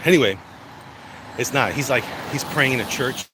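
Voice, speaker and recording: A mid-range male voice at normal speed carries this casual vlog recorded while walking urban streets. The speaker is chatty, rambling and quickly sidetracked, has a congested chest and sore legs, and the audio is loud with traffic, passing cars and street noise.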